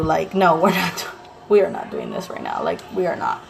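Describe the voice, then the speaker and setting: A woman's voice: fairly low pitch, wildly swooping pitch, normal speed, vocal fry. A young woman chatting casually to her viewers as a vlogger and mother of two, blunt, swearing freely and acting out quotes with animation.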